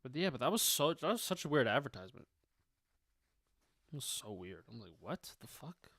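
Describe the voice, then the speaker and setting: A man's voice: mid-range voice, sing-song, normal speed, a bit bright, no room sound, studio quality. A man live-streaming casual sports chat, rambling and swearing freely, with lots of fillers. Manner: rambling, profane, many fillers.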